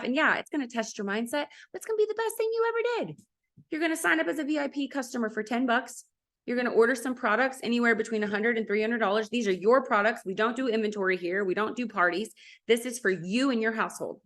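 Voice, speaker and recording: Upbeat woman giving a sales pitch. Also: fairly bright tone. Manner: upbeat, addresses the audience directly. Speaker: network marketing ambassador.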